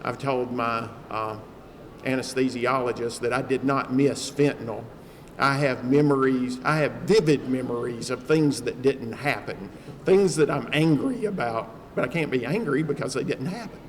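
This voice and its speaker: A man's voice: medium pitch, normal speed. Man telling a story in a hall. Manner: humorous storytelling, chatty with fillers. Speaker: trauma survivor speaking at an event. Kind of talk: personal speech to an audience. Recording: long hall reverb, faint background noise.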